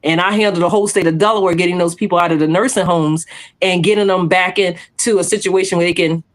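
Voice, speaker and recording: A woman's voice: on the low side, quick pace. Bold woman telling her story. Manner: animated storytelling, acts out quoted voices; bold testimony. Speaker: podcast co-host. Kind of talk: casual chat.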